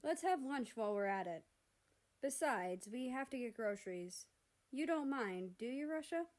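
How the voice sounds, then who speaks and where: A woman's voice: fairly high pitch, animated, moderate pace, darkish tone, pitched above the performer's own voice, lightly acted. A woman voicing a polite, easygoing older brother organizing a family outing, in a storybook reading.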